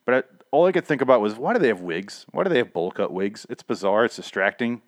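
Low-voiced man in a sarcastic TV recap. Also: sing-song, no echo, studio quality. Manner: sarcastic, profane, acts out characters in quick asides. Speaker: podcaster reviewing a TV episode. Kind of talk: casual comedic recap.

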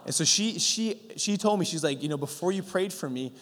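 A man's voice: high voice, expressive, a little fast, fairly bright tone, a little hiss or hum. Earnest man preaching in a reverberant hall. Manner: earnest storytelling with many fillers and restarts. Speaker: preacher sharing a testimony. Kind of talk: sermon testimony.

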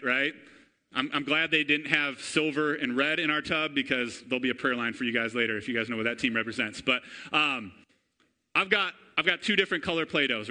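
Energetic pastor man, bright voice. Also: on the high side. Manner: energetic, keeps asking the congregation for amens. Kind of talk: sermon. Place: church before a congregation.

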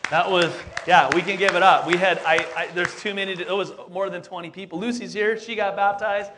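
A man's voice: sits high, fairly even intonation, a little fast, background noise. A lead pastor in his forties preaching a casual sermon, chatty and upbeat, talking straight to the congregation with plenty of fillers and asides.

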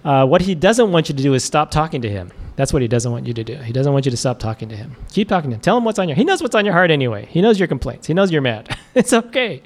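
A man's voice: a little high, sing-song, fast talker, hardly any pauses. A man preacher giving a casual, conversational sermon, chuckling often and using many fillers.

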